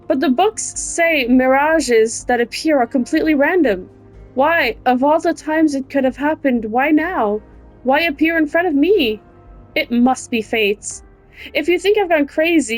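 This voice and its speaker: A woman's voice: sits high, a little slow, soft background music, pitched above the performer's own voice, low-quality recording. A woman reads a grieving, anxious young woman's game dialogue aloud in an emotional, pleading way.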